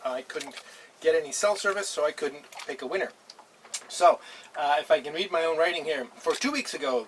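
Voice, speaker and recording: A man's voice: on the high side, a bit bright, recorded from a distance, a little hiss or hum, poor audio. An older man hosting a casual beer-tasting vlog on a boat in a harbour, easygoing and chatty, chuckling now and then. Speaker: host.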